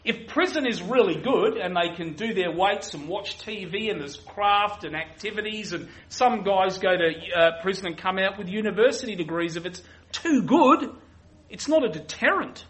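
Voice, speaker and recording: A man's voice: sits high, expressive, normal speed, a bit bright. A man preaching a sermon, emphatic and given to repeating his key phrases.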